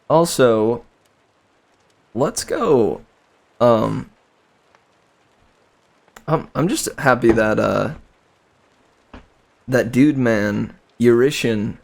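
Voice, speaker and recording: Slow, gravelly-voiced man chatting. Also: medium pitch, darkish tone. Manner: chuckles often, muses aloud. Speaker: audiobook reader and streamer. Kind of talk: casual chat with live viewers.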